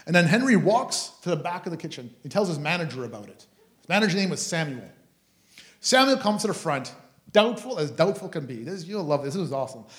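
A man with a French-Canadian accent, a preacher telling a lively testimony story with many restarts. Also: fairly high pitch, fairly quick, roomy sound. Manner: animated, chatty, many restarts.

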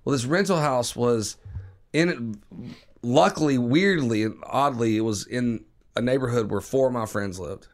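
A man's voice: medium pitch, measured pace. A man in his forties, a podcast host, casually telling a long profane story and acting out other people's lines. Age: 40s. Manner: animated, profane, mimics voices in quotes.

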